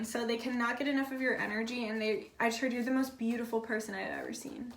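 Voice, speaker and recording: A fairly high-voiced woman talks her way through a casual tarot reading in a loose, blunt way, cursing without a second thought. Her voice bounces around an echoey room. She sits a little back from the mic. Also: quick pace, few pauses, recorded from a distance. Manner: chatty and blunt, swears freely, many fillers like "like". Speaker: tarot reader.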